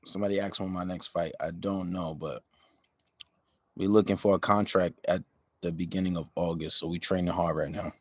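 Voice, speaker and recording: A man with a fairly low voice talks through listener questions on a casual podcast. His delivery is relaxed and rambling. The sound is dry and close. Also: no echo. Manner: laid-back, rambling, low-key and unhurried. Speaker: podcast host.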